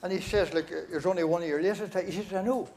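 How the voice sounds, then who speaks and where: A man's voice: high-pitched, steady tone, fast, a little mellow. An older man with a Northern Irish accent, compering a concert in a large church and telling jokes through a stage microphone, chuckling and rambling with many fillers and restarts. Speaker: master of ceremonies.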